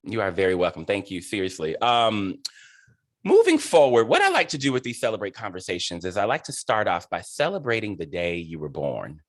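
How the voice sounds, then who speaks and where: A low-pitched man hosts a heartfelt interview, talking with effusive emotion and frequent laughter. His voice is close and dry, with no room sound. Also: huge pitch swings, a little fast, dry recording. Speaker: host and director.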